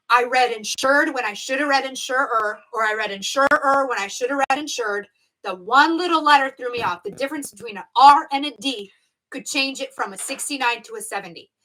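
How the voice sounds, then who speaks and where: Emphatic, bright-voiced woman instructor. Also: high-pitched, low-quality recording. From United States. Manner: emphatic, repeats key words, drills the difference. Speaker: exam prep instructor. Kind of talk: live-streamed exam review lesson.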